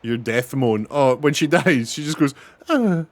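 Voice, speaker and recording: A young man chats casually while streaming a game, swearing and laughing often. His voice is middling in pitch and his pace moderate, recorded dry and close with no room echo.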